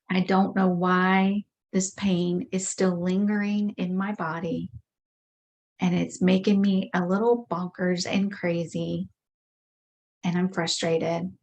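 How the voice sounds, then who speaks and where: Woman, low flat voice, unhurried guided tapping script, measured repeated phrases. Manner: slow, measured affirmations voicing frustration. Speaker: EFT tapping practitioner.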